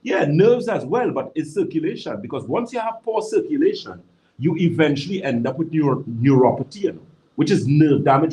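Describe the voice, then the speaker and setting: A man's voice: mid-range voice, darkish tone, poor audio. Man, mid-range voice, emphatic live-stream health adviser who repeats for stress. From Trinidad and Tobago. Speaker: natural health practitioner answering viewers.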